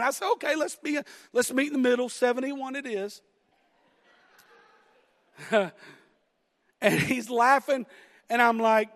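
A man's voice: very high-pitched, a bit bright. A middle-aged man with a Southern American accent preaching a sermon, telling a story about himself with self-deprecating laughter. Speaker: pastor. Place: church sanctuary. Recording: long hall reverb.

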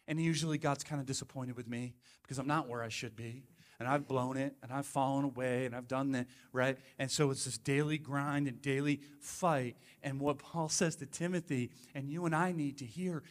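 A man's voice: medium pitch, steady tone, a little fast, in a large hall. A male pastor preaching a sermon in a conversational, emphatic way, full of asides to the congregation.

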